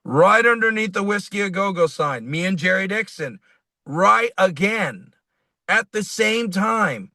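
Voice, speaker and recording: Bright, animated man telling a story. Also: high voice, unhurried, no room sound. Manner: animated, quotes people in his stories. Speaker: singer-songwriter, interview guest. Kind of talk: casual storytelling in an interview.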